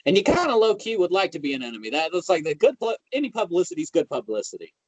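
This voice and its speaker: A man hosts a podcast in loose casual chat, reacting often and cursing freely. His fairly high voice swings widely in pitch, and the sound is dry and close. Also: huge pitch swings, very fast, no echo, poor audio. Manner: reactive, swears freely, loose slangy talk. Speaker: podcast host.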